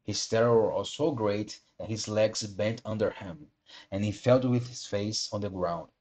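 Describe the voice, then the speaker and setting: Man reading a storybook, lowish voice, steady, stumbles and rereads sometimes. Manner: measured reading with occasional slips and re-reads. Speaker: audiobook reader. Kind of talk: storybook narration.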